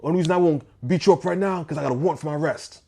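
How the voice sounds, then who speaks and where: A man's voice: on the high side, racing, gravelly, warm tone, pitched above the performer's own voice. A man voicing an agitated young male client who keeps repeating heated accusations in street-style talk. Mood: threatening.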